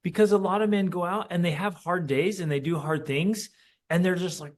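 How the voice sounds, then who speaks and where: A man's voice: high-pitched, fairly quick. A middle-aged man co-hosting a podcast in casual chat, emphatic, acting out little scenes in quoted voices. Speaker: podcast co-host.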